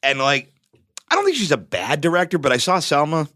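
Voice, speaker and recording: A man's voice: on the high side, brisk, dry recording, clean studio sound. A man hosting a podcast, chatting casually with a guest, joking and swearing. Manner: animated, swearing, jokey. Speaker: podcast host, stand-up comic. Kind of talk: casual chat.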